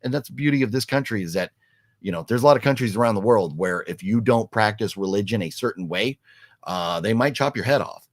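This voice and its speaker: A man's voice: lowish voice, lively intonation, brisk, no echo, studio quality. A man talking casually on a live stream, rambling with lots of fillers and restarts as he answers chat. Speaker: vlogger reading live chat.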